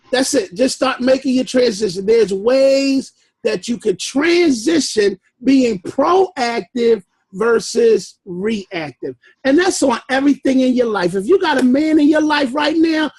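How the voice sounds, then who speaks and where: A man leading a personal development class, giving an emphatic motivational talk with bursts of shouting. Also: very high voice, breathy edge, no room sound, poor audio.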